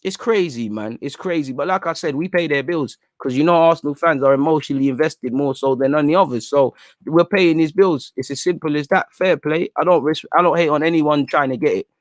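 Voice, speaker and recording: Young man, livestream host, slangy and excitable banter, slightly high voice, dry close sound. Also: fairly quick, no echo. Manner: animated, slangy banter with frequent "man" and "bro". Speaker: fan channel livestream host. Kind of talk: casual livestream chat.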